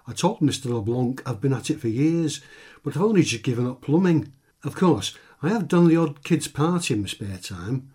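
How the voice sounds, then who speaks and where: A man voicing an eager, accident-prone male circus magician, chirpy and raised in pitch. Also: expressive, normal speed, breathy edge. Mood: conspiratorial. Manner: chirpy, higher and brighter than the narration.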